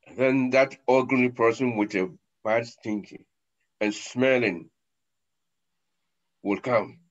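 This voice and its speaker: A man, a sheikh giving a sermon, acting out scenes with sudden loud and soft turns, on a dull lo-fi recording. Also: medium pitch, fairly even intonation, slow. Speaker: sheikh, lecturer.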